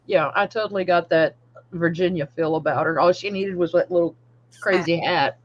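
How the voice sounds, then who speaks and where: A woman co-hosting a casual fan podcast, animated, saying y'all and laughing often. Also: fairly low pitch, moderate pace, highs cut off. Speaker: podcast co-host.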